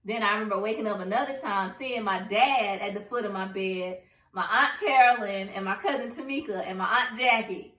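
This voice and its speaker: A young woman telling a personal story in a casual, animated way, acting out voices and laughing as she goes. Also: mid-range voice, normal speed. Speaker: vlogger telling her story. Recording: echoey room, mic at a distance.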